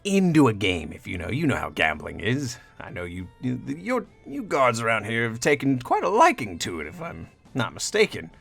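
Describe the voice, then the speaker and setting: Man doing a sly gambler, smooth and flattering, unctuous, mid-pitched, faint music under. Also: moderate pace, few pauses, heavily acted. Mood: soothing. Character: smooth-talking sly male gambler trader.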